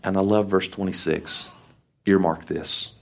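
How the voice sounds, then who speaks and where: A man's voice: low voice, fairly even intonation, unhurried, creaky. A man preaching a sermon, reading scripture aloud and then explaining it with folksy, down-to-earth asides and emphatic repetition. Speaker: lay preacher.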